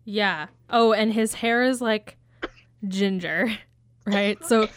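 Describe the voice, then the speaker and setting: A woman's voice: medium pitch, takes it slowly, smooth, no echo. A woman casually retelling a film scene, rambling and swearing as she acts out the characters. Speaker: podcast co-host.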